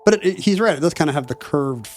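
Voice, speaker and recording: A man's voice: fairly high pitch, animated, quick pace, soft background music. A man co-hosting a podcast in casual chat, wry and bookish as he riffs. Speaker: podcast co-host.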